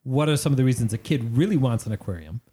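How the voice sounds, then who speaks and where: A man who runs a fish shop, chatting on a podcast and telling customer stories with lively quoted dialogue. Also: mid-range voice, quick pace, breathy edge. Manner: animated storyteller, acts out customers in quotes. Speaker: aquarium shop owner and podcast host. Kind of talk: casual podcast chat, storytelling.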